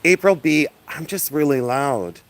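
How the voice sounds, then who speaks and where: A loud, flamboyant man hosting a casual livestream outdoors, chatting with viewers and laughing often as he shows off his finds. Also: a little high, animated, measured pace. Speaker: livestream host selling and showing jewelry. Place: outdoors in the sun.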